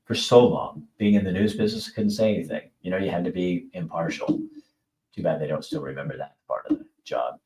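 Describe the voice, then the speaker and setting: This middle-aged host gives an offhand opinion monologue, frank and profane, loudly impersonating people. His warm voice sits low and moves a little fast, and the recording is rough and reverberant.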